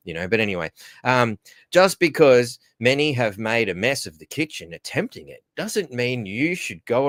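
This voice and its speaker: A rambling Australian man hosting a casual solo podcast, with a fairly low voice recorded close and dry. He trips over his words, repeats himself and chuckles at his own jokes as he goes. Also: fairly bright tone, dry recording. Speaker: podcast host.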